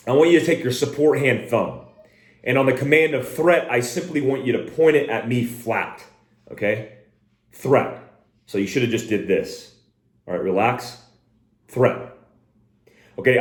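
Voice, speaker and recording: Man, firearms instructor, plain-spoken and direct, short barked drill commands, mid-pitched voice, roomy echo. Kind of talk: hands-on shooting lesson. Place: indoor room with a door.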